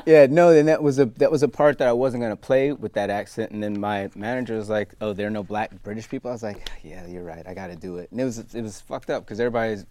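A man from the United States, a guest actor, chatting casually in an interview and telling relaxed stories with frequent laughs. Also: on the low side, quick pace, hardly any pauses, noisy background.

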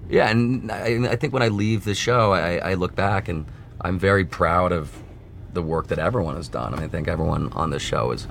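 Man, low voice, thirties, guest actor, casual interview, animated storyteller, laughs, restarts, faint background noise. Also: normal speed, vocal fry. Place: back room of a bowling alley.

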